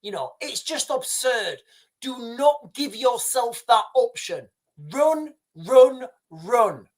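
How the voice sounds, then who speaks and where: With a high-sitting, somewhat bright voice, this male livestream host hands his viewers blunt, emphatic advice. He repeats his points and frequently restarts and uses fillers.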